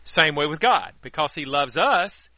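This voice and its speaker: A man hosting a Sunday night radio program, giving an earnest, steady sermon with scripture readings. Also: a little high, measured pace, dry recording. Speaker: radio preacher and host. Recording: dry, dull lo-fi radio audio.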